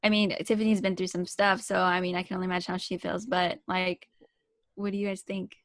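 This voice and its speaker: A woman's voice: fairly low pitch, little pitch movement, brisk, no room sound. A woman co-hosting a podcast, casually asking her friends what they think. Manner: casual, asks the group questions. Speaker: podcast co-host. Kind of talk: casual chat.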